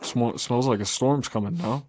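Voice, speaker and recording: A man's voice: mid-range voice, normal speed, a little mellow, a little hiss or hum, natural voice. A man reading the lines of a friendly young male farmer's son in a video game, plainly.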